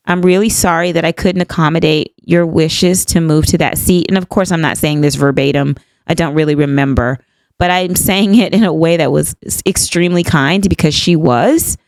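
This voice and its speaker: A woman's voice: fairly low pitch, no echo. A woman in her fifties, a podcast host, candidly retelling a personal story and acting out both sides of the dialogue. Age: 50s.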